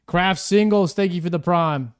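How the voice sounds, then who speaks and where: A man's voice: sits high, normal speed, clean tone. A man streaming a video game live, chatting casually and thanking viewers by name.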